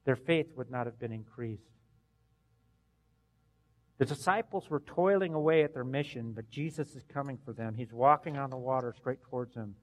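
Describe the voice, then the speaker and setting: A man preaching a sermon as pastor, earnest, with sudden loud bursts and hushed endings. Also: medium pitch, normal speed, long reverb tail.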